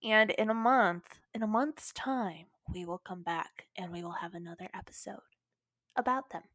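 A woman co-hosting a podcast in casual chat, animated and giggly, swearing freely and filling her talk with "like". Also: medium pitch, normal speed, dry recording, studio quality. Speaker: podcast co-host.

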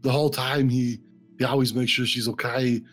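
A man's voice: mid-range voice, level tone, moderate pace, a bit bright. A man playing a tabletop game, talking casually and swearing now and then. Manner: casual, laid-back, swears. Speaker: player. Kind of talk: tabletop game role-play. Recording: faint background music.

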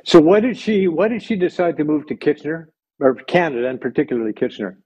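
A man's voice: on the high side, lively intonation, fast talker, darkish tone, breathy edge. Male interviewer, slightly dull audio. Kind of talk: interview questions.

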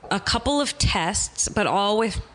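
A woman's voice: medium pitch, expressive, a little slow. A woman guest on a podcast, an actress telling blunt, wry stories in casual chat.

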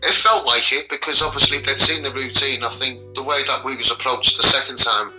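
A man with a Scouse accent talking earnestly as a guest, halting and repeating his words. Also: mid-range voice, bright, forceful tone, faint music behind, low-quality recording. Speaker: guest, children's rights campaigner. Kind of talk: casual podcast interview.

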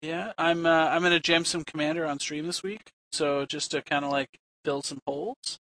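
A man hosting a podcast in a relaxed, casual way, chatting and wrapping up the show. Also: on the high side, moderate pace. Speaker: podcast host. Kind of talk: casual chat.

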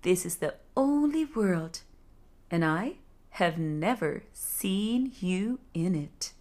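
A woman voicing a proud little male frog who lives in a well, speaking softly and earnestly in a bedtime story. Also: fairly low pitch, animated, takes it slowly.

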